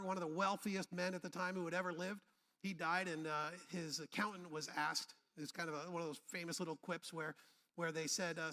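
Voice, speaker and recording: Bright, high-voiced man preaching in a reverberant hall. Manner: humorous, conversational preaching with audience call-and-response. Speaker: pastor. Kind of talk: sermon. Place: church sanctuary.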